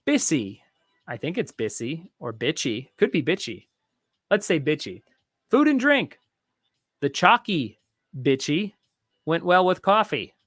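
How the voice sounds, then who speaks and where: A man hosting a live trivia show, reading each question slowly and repeating it, with joking asides between. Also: fairly high pitch, a bit bright, dry recording, studio quality. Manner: reads each question slowly twice, jokes and rambles between. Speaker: trivia host.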